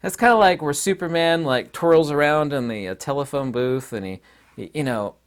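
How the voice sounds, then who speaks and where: A man's voice: fairly high pitch, normal speed, smooth. A middle-aged man giving a rambling, sarcastic commentary monologue to camera. He laughs often. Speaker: channel host, commentator.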